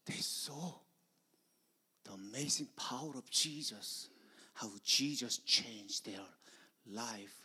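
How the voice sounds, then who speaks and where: A man preaching a sermon, telling stories that swing from hushed whispers to loud emphasis. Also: mid-range voice, takes it slowly, pauses often, husky. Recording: long hall reverb.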